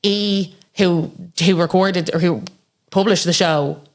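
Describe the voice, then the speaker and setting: Woman, casual podcast chatter, animated storyteller, slightly low voice. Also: slow pace. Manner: animated storyteller, acts out quotes. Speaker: podcast guest. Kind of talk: casual chat.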